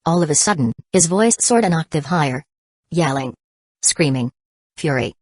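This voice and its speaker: A woman reads a dramatic novel aloud as an audiobook narrator. Her voice sits low and the recording is dry and close, with no room sound. She keeps a steady, even narrating pace. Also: moderate pace, no echo. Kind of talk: scripted narration.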